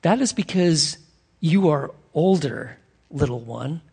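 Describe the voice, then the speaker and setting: A man voicing a great, wise male lion who speaks gently and lovingly, slow and hushed. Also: a little high, lively intonation, vocal fry, husky, big-room sound, exaggerated voice. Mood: tender, solemn.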